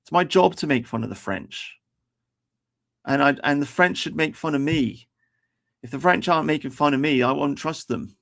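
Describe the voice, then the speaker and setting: A man's voice: medium pitch, fairly bright tone. A man hosting a livestream, talking in a rambling, profane way with lots of restarts. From England. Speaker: livestream host. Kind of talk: casual livestream commentary.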